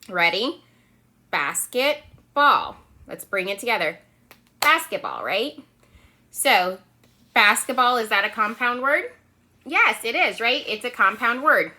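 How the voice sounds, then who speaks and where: A woman teaching a remote lesson to young children, talking in a lively sing-song way and checking in with them constantly. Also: medium pitch. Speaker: preschool teacher.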